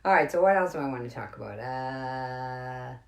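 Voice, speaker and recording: A woman's voice: rumbling low, expressive, normal speed, gravelly. A middle-aged woman with a Boston accent, doing casual stand-up storytelling for a home livestream, rambling and greeting viewers by name. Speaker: comedian hosting a livestream. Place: home during lockdown.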